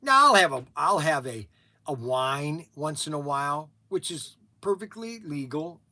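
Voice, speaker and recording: High, bright-voiced man telling rambling stories. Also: very animated, measured pace, no room sound. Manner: rambling, repeats and restarts, laughs at his own stories. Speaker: store host on a livestream. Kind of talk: casual storytelling.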